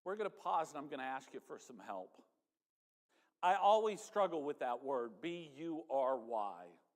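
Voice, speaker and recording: A pastor from the northern United States preaches a sermon in a church sanctuary, his medium-pitched voice sing-song and a little slow. He talks straight to the congregation in a conversational, folksy way, with the reverb of the church hall around him.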